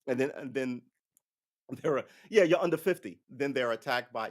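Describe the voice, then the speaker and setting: A man in his forties hosts a livestream, ranting casually with lots of swearing, rambling, and restarting his sentences in an animated way. His voice is medium-pitched at a moderate pace.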